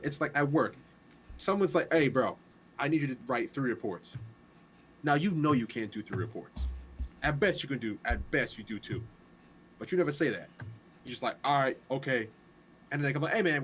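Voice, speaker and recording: Calm, low-voiced man explaining. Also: slight background noise, rough recording. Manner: calm, explanatory, uses everyday examples. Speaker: podcast co-host. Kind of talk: casual chat.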